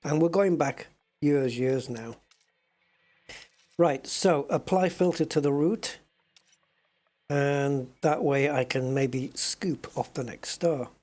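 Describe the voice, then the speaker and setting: A man's voice: on the high side, takes it slowly, pauses often, a little mellow. Chatty man streaming a game, light-voiced. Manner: chatty and joking. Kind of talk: casual live-stream chat.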